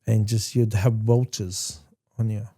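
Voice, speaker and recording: A man hosting a podcast, telling a personal story candidly in a halting way with frequent restarts. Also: lowish voice, fairly even intonation, dark tone. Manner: candid and plainspoken. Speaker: podcast host.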